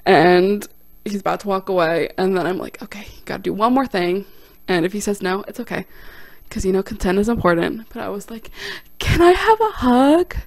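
A young woman, a stand-up comic, telling a casual storytime on her vlog with animated, self-deprecating delivery and quoted voices. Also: mid-range voice, brisk, vocal fry, no echo.

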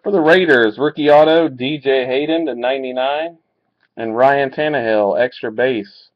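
A man opening trading card packs live and calling out each pull, reacting with excitement. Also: medium pitch, moderate pace. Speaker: card breaker. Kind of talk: live card break commentary. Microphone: webcam mic. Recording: dull lo-fi webcam audio.

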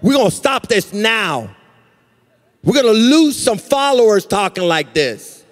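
A man's voice: sits high, very animated, unhurried. A male pastor voicing a brash, cocky disciple who talks back in an offhand, dismissive way. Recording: reverberant church hall.

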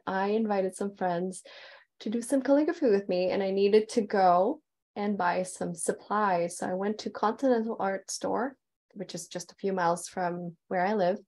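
A woman's voice: mid-range voice, darkish tone. A woman calligraphy teacher telling her story in a heartfelt, enthusiastic presentation over a video call.

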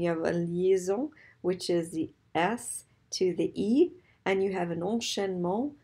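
Patient language teacher, middle-aged woman, dark mellow tone, repeats phrases slowly. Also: mid-range voice, husky. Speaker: French teacher. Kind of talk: recorded slide lesson.

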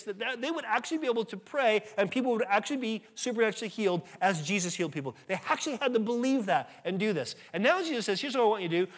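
A man preaching a sermon as pastor, earnest and emphatic, asking his listeners rhetorical questions. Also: sits high.

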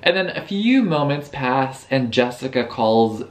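A man's voice: medium pitch, big pitch swings, a little slow. A young man casually recapping a novel for his book vlog, sassy and profane, acting out the characters' lines. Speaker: book reviewer.

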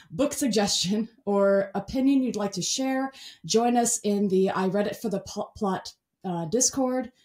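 A woman's voice: a little high, dark tone. Bubbly, laughing woman hosting a podcast. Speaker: podcast host. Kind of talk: casual podcast chat.

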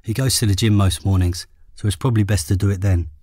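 A man voicing a pushy young woman who insists on a favour, in his near-usual low voice. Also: fast, darkish tone, dry recording, studio quality, lightly acted.

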